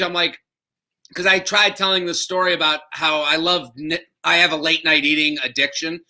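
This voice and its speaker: A man's voice: high voice, sharp tone, rough recording. A male stand-up comedian in casual chat, rambling and self-aware, with many fillers.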